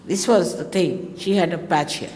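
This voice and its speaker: A woman's voice: lowish voice, moderate pace, a little mellow. Woman telling rambling anecdotes in a hall. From India. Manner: rambling, digressive, with exclamations and asides to listeners. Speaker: speaker giving a talk. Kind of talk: anecdotal storytelling talk. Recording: reverberant hall with faint background noise.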